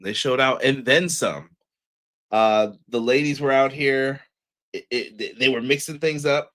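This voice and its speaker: A man's voice: mid-range voice, unhurried, fairly bright tone. Slangy laid-back man reviewing wrestling. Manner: loose and slangy, filler-heavy, laughs often. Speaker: wrestling podcast co-host. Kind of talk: casual show review chat.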